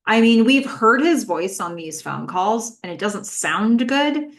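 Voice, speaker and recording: A woman's voice: mid-range voice, expressive, a little slow. A woman hosting a podcast, giving a chatty recap of a TV episode with many fillers and questions for her listeners. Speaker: podcast host.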